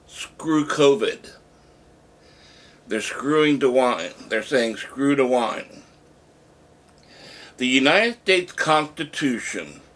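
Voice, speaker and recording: A man telling a story in a casual monologue, acting out the lines he quotes. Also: fairly high pitch. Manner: animated retelling, acts out shouted quotes. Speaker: vlogger.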